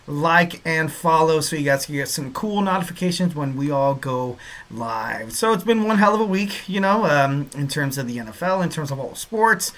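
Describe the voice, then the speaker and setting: Slightly high and fairly bright, this podcast host's voice carries a loose, meandering, cheerful take on wrestling. He's from Southern California and leans on fillers and recurring catchphrases.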